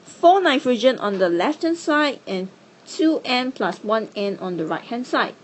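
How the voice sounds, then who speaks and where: A woman's voice: fairly high pitch, sing-song, unhurried. A woman teaching chemistry, explaining step by step in a patient, encouraging way. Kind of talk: classroom lesson.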